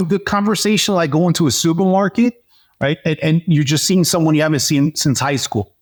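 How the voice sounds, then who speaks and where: A man as an interview guest, telling a personal story in a lively, animated way, with frequent fillers and restarts. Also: a little high, moderate pace. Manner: animated storyteller, acts out dialogue. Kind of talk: personal testimony in conversation.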